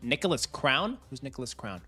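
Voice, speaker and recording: Animated young man chatting on stream. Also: medium pitch, fairly quick, breathy edge, faint music behind. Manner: animated, chatty, talks to chat, laughs often. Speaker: finance livestreamer. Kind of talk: casual livestream chat.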